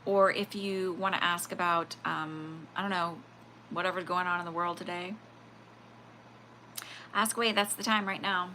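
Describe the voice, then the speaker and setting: A woman hosts a spiritual reading livestream, rambling casually and animatedly with plenty of fillers and acted-out quoted asides. Her voice is on the low side and moderately paced, with long pauses and slight background noise.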